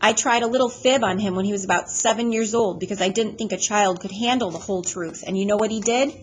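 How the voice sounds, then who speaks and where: A woman voicing a weary, caring woman doctor in an audiobook, speaking gently, patiently and frankly. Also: mid-range voice, fast, slight background noise, close to an everyday voice. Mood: gentle. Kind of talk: audiobook character voice.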